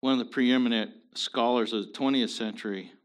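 A man's voice: mid-range voice, steady tone, fairly quick, clear, resonant tone. A man hosting a show, giving opinionated commentary in an emphatic, preachy way. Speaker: show host.

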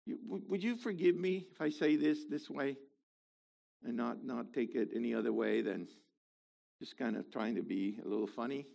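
A man gives an animated sermon in a gravelly, mid-range voice at a moderate pace. He swings between loud emphasis and quiet asides, dropping playful remarks as he goes.

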